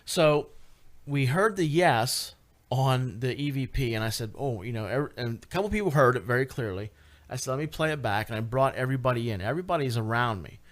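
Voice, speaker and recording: Man, radio guest, animated storytelling, fillers and restarts, mid pitch. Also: brisk. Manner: animated, lots of fillers and restarts, rising excitement. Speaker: paranormal investigator guest. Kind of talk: casual radio interview storytelling.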